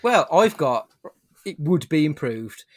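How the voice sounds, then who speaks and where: A male podcast host in loose, jokey conversation who swears casually and steers the talk. His voice sits a little high for a man. The sound is close and dry, with no room echo. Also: very animated, slow pace. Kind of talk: casual film-review chat.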